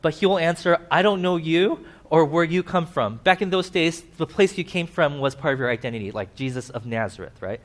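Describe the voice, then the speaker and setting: A man with a fairly high voice delivers a sermon in a church. He explains the story in a conversational way, then jumps up in pitch to act out the characters he quotes. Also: a little fast, hardly any pauses, fairly bright tone. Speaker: pastor.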